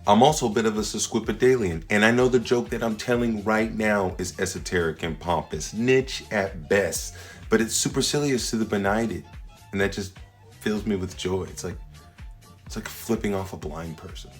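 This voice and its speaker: A man, a standup comedian hosting his own show, rambling through a slangy, playful comedic monologue with sudden loud jumps. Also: fairly low pitch, normal speed, soft background music.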